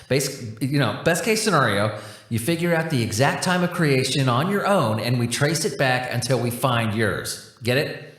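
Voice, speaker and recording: A man's voice: mid-range voice, a bit bright. A man voicing a laid-back, chatty, non-human tech support agent who talks in casual slang. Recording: roomy echo.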